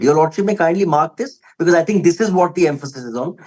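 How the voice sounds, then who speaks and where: An advocate for a respondent makes a formal courtroom argument in an Indian English accent, his voice husky, darkish and on the high side. He talks fast with few pauses and lively intonation, deferential yet emphatic, addressing the bench again and again with "my lord." The audio quality is poor.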